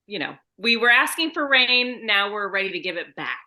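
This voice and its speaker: Bright lively woman co-host. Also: mid-range voice, normal speed. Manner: upbeat, teasing, slangy. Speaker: podcast co-host. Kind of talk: casual chat. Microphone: video call.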